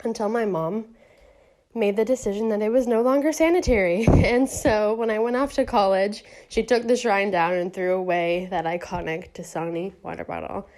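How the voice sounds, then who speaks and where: A woman's voice: mid-range voice, fairly even intonation, normal speed, a little mellow. A young woman hosting a podcast, telling a story in a casual, chatty way. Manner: chatty, laughs between sentences. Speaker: podcast host.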